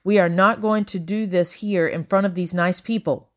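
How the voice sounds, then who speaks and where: A woman voicing a firm, composed grown woman who speaks sharply and calmly. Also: lowish voice, normal speed, natural voice. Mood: firm soothing. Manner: sharp, then soothing.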